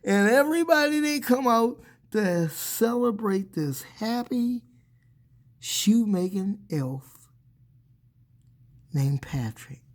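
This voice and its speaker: Slow, playful children's storyteller, a man. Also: high-pitched. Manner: playful, expressive narration.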